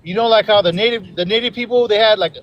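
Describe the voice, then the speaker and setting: A man's voice: high voice, fast talker, highs cut off. A man calling into a live stream after work, laid-back and calling everyone brother. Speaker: caller. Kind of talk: casual call-in chat.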